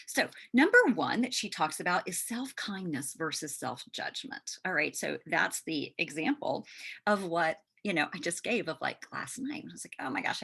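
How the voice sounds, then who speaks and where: A woman hosting a podcast, talking in a gentle, conversational way and often checking in with "right?". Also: on the low side, vocal fry, breathy edge. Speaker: podcast host. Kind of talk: casual self-help talk.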